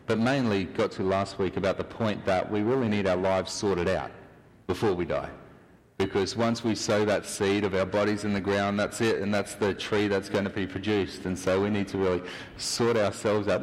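Man preaching in a reverberant hall. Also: on the low side. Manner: relaxed, rambling, chatty. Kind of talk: casual sermon with jokes. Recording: hall reverb with a mic hum.

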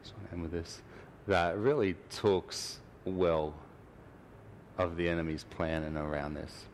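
A man's voice: low voice, steady tone, measured pace, slight background noise. A man preaching a sermon in church, talking conversationally and acting out little scenes.

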